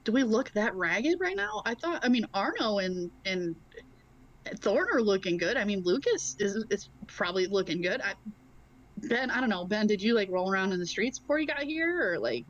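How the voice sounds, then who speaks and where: A woman's voice: medium pitch, sing-song, normal speed, dull audio. A woman playing a tabletop game, chatting casually and laughing often. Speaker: player. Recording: faint background noise.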